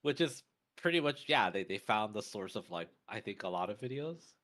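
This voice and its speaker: Low-ish guy rambling thru a story on a podcast, lots of likes and restarts. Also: animated, moderate pace, a bit bright. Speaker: podcast co-host. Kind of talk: casual chat.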